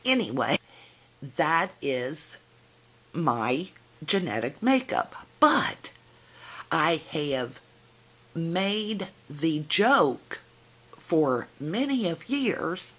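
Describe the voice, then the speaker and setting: A middle-aged woman with a drawl talks straight to her viewers in a casual vlog. Her voice sits low and she takes her time, chatty and teasing in a folksy way. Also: sing-song, drawn-out words, pauses often, a bit bright, breathy edge. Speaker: video blogger. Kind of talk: casual vlog talking to camera.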